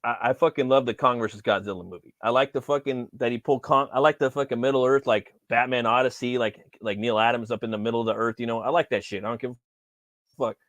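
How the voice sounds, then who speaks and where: A man's voice: mid-range voice, fairly even intonation, quick pace, fairly bright tone, no room sound, highs cut off. A man from California, host of a casual chat, talking in a laid-back, rambling way and swearing freely.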